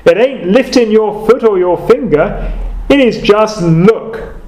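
A man voicing a rustic lay preacher with a broad Essex accent, pleading slowly and emphatically. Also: sits high, lively intonation, darkish tone, pitched above the performer's own voice. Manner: slow, emphatic, repetitive pleading. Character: rustic male lay preacher exhorting loudly. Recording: echoey room.

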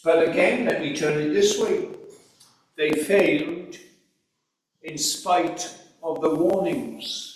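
A man delivers a sermon at a slow, deliberate pace, earnest and emphatic, leaning on rhetorical questions. His voice sits a little high for a man. The recording is strongly echoey and picked up from some distance. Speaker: preacher. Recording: echoey hall recorded from far off.

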